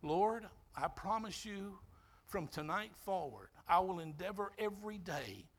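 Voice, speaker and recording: A frail old sailor, close to tears, confesses his past in an earnest, gravelly voice, as a preacher puts him on. The voice is husky and pitched a bit high for a man. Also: animated, unhurried, heavily acted. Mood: tearful, earnest. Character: frail elderly man, tearful former sailor.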